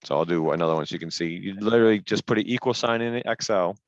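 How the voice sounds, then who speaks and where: A man walks his class through each step with patience and leans hard on the rules. His voice sits a little low and comes through a headset on a dull, lo-fi call line with a dry, close sound. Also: fast talker, no room sound. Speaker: teacher. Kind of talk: online class lecture.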